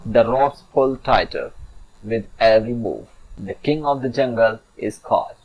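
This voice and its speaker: A man's voice: mid-range voice, measured pace, muffled recording. A man telling a children's fable in a chatty, playful storybook narration with asides to the listener.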